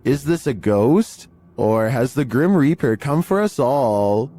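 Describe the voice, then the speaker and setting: A man giving scripted narration of eerie video clips in a measured, even storytelling delivery. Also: medium pitch. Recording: faint music bed under voice.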